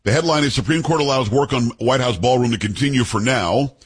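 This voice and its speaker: A man hosting a casual radio talk show, telling animated stories and mimicking other people's voices. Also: medium pitch, a little fast, breathy edge.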